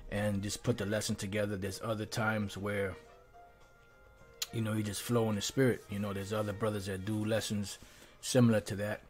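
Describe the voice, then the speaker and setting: A man leading an informal live scripture lesson, reading verses aloud and talking loosely with lots of "you know" and "um", pushing his points with emphasis. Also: lowish voice. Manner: turns emphatic and preachy when driving points home.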